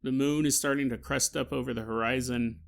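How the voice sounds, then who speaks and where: A man hosting a podcast, telling a story in a joking, animated way with laughing asides. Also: mid-range voice, a little fast, creaky. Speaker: podcast host. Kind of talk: comedic storytelling.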